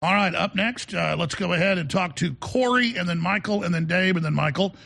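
A man's voice: sits high, a little fast, vocal fry, sharp tone. A man hosting a call-in radio show, talking in a rambling, emphatic way and often repeating words. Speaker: talk radio host.

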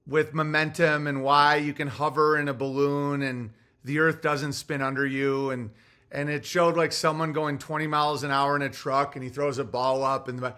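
A man's voice: on the high side, sharp tone. A man hosting a livestream, talking in a rambling, provocative and profane way. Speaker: comedian and show host. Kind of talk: casual livestream monologue.

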